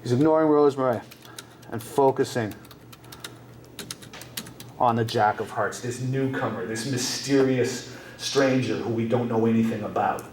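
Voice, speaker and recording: A man's voice: medium pitch, steady tone, measured pace, long pauses, darkish tone, slight background noise. A man teaching an English class, explaining song lyrics in a repetitive way and checking in with rhetorical questions. His voice is recorded in an echoey room from a distant mic.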